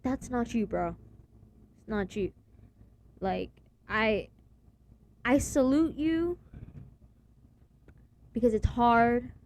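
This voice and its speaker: A woman's voice: on the high side, very slow, long pauses, darkish tone, a little hiss or hum. Brash, foul-mouthed young woman vlogger. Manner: blunt, rambling, heavy swearing, slangy. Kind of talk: casual profane rant to camera.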